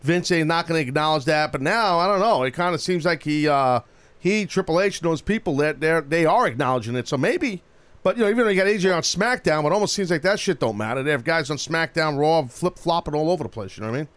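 A male radio host takes calls in a brash, slangy way. His voice sits high for a man and jumps around with lots of life. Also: animated, fast, a bit bright. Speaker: radio talk show host. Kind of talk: call-in radio chat.

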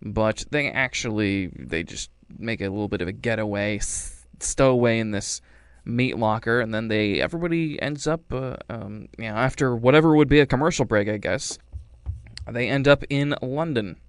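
Give me a man chatting loosely about a family film, wry and rambling, popping into silly voices for the characters. His voice is smooth and clear, recorded dry and close with no room sound. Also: mid-range voice, moderate pace, no echo. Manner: rambling, wry, acts out quotes. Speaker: movie reviewer. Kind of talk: casual chat.

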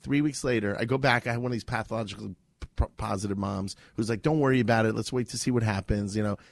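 A man telling a lively personal story as a radio show guest, acting out the people he quotes. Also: on the low side, creaky, dry recording. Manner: fast animated anecdote, acts out quoted voices. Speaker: guest filmmaker.

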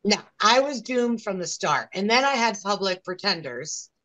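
A woman's voice: medium pitch, very animated, moderate pace, a bit bright, rough recording. A young woman giving an interview, telling her story in an earnest, aggrieved way. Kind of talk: casual interview.

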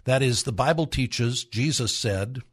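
A man's voice: medium pitch, a little slow, slightly rough. A middle-aged man hosting a radio talk, earnestly urging parents, repeating himself and breaking into acted quotes. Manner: earnest, exhorting, acts out quoted voices. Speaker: radio host.

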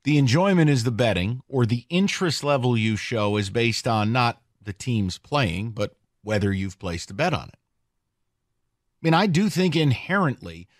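A man co-hosting a sports talk podcast, opinionated and lively, posing questions to listeners. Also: mid-range voice, measured pace, no echo, studio quality. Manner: animated, opinionated, rhetorical questions.

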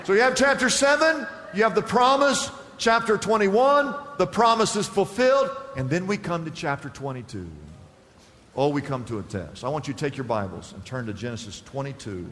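A man preaching a sermon as pastor, animated, acting out the scripture scenes he retells. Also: a little high, moderate pace. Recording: long hall reverb.

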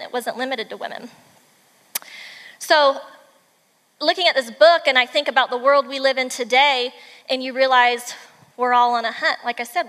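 High-voiced woman giving an animated devotional talk. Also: long reverb tail. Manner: animated storyteller, emphatic with asides. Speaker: mother and devotional speaker. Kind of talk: devotional talk retelling a children's book.

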